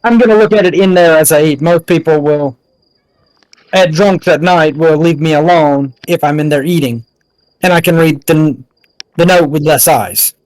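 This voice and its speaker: A man playing in a live-streamed tabletop game, talking through his character's actions in a plain, deliberate way. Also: on the high side, a little mellow, dry recording, poor audio. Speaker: player. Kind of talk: in-character tabletop play, casual.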